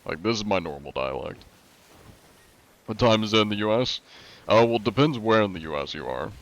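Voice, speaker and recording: A relaxed American man speaks in a somewhat low voice as he chats with viewers during a live game stream. His talk is loose and rambling, with plenty of casual fillers between thoughts. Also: fairly quick. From USA. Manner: laid-back, rambling, many fillers like "like". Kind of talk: casual chat with viewers while gaming.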